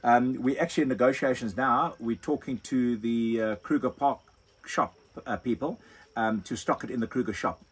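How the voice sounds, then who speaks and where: An older South African man hosts an overlanding vlog, answering questions in a casual chat while rambling and repeating himself. His husky voice is medium-pitched and unhurried. The audio is poor, recorded on a phone propped on a wine box.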